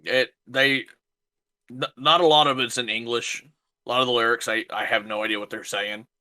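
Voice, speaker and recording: A married man co-hosting a casual podcast, speaking bluntly and deadpan, often trailing off mid-sentence. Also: medium pitch, brisk. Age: adult, married. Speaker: podcast co-host.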